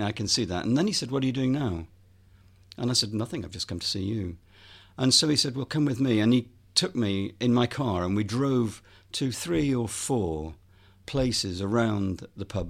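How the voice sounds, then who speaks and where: A man, a filmmaker and author, telling a story in an interview, with lots of ums and quoted dialogue. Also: lowish voice.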